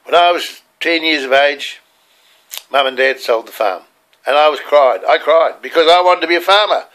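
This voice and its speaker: A man's voice: a little high, normal speed, fairly bright tone. An older man with an Australian accent, telling rambling, earnest stories from his childhood. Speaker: storyteller. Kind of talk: personal childhood storytelling.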